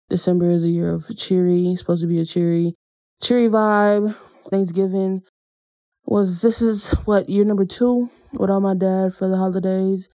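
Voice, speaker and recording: Young woman podcast host, solo reflective chat; low, gravelly, mellow voice, candid and slangy, close dry mic. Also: no room sound. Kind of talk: casual reflective monologue.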